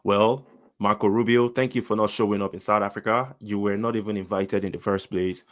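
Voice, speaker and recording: A man with a Nigerian accent hosts a political commentary channel, addressing his listeners in an emphatic, direct way. His voice is lowish and brisk with fairly even intonation.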